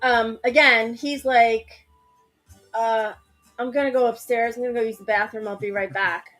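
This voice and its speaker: A woman co-hosting a casual chat, telling an animated story and laughing often. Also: a little high, normal speed, soft background music. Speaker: co-host.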